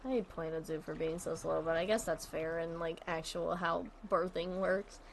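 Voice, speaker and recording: A woman's voice: fairly low pitch, steady tone, normal speed, vocal fry, a little hiss or hum. A woman streaming a game in casual chat, rambling and chatty, often trailing off, restarting and swearing casually. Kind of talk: casual chat while playing a zoo-building game.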